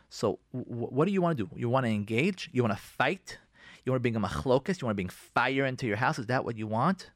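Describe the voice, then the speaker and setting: A man's voice: mid-range voice, a bit bright, dry recording. Preachy man on a dry radio mic. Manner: preachy, repeats himself, sprinkles Yiddish and Hebrew terms. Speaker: radio host giving marriage advice. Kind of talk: direct advice monologue.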